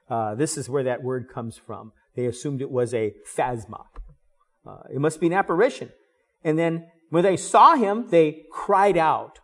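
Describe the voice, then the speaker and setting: Guy preaching a sermon, kinda high voice, chatty and animated, lots of uhs. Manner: animated, conversational, many fillers. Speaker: pastor. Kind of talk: sermon, Bible teaching.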